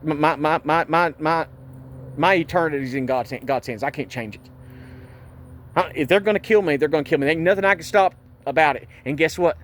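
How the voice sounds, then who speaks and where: A man's voice: on the high side, brisk. A man, recounting a police stop in an agitated, indignant way and repeating himself. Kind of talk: angry personal vlog.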